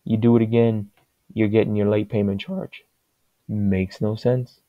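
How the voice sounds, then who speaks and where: Man, low pitch, plain-spoken rambling opinion vlog; dry, dull lo-fi recording. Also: little pitch movement, measured pace, no echo. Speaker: vlogger giving his opinion. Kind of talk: casual opinion monologue.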